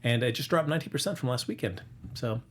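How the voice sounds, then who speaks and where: A man's voice: medium pitch, fast talker, slight background noise. A man hosting a casual box office chat, rambling through the figures with lots of fillers and jokes. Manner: rambling, filler-heavy, joking. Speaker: host.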